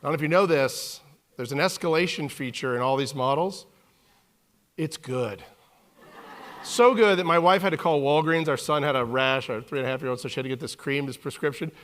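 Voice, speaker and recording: A man in his forties gives a brisk, animated, joking keynote from a conference stage, telling humorous stories. His voice is a bit high for a man, and he shifts into little character voices whenever he quotes someone.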